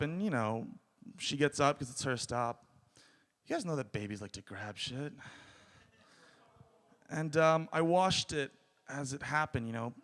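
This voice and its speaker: A man's voice: medium pitch, fairly bright tone. A man performing stand-up in a small live venue, telling a story and acting out his own panicked reactions. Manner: storytelling with acted-out panicked quotes. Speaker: stand-up comedian. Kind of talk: stand-up comedy set.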